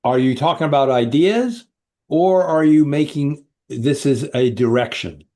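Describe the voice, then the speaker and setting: A man's voice: on the high side, measured pace. Friendly middle-aged male interview host. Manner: friendly, affirming, animated when retelling stories. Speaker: podcast host and coach. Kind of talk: casual interview talk.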